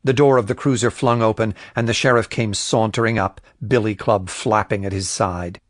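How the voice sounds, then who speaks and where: A man narrating a crime thriller audiobook in a measured, even storytelling voice. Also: fairly low pitch, dry recording, studio quality. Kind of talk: scripted narration.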